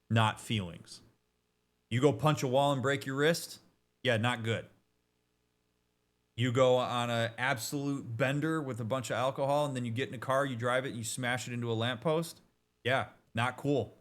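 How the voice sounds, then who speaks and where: His voice is mid-range and a bit bright. A therapist, he talks over a game in a casual, explanatory way, emphatic and direct, full of quick asides and restarts.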